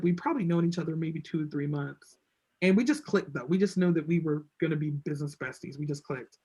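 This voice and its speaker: A woman as an interview guest, telling a story casually and acting out what people said to her. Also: on the low side. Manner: chatty, acts out quoted voices. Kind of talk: casual storytelling on a video call.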